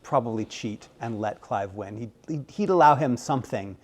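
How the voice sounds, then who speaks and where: A man with an American accent, a game localization director answering interview questions in a rambling, filler-heavy, animated way. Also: mid-range voice, moderate pace. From United States.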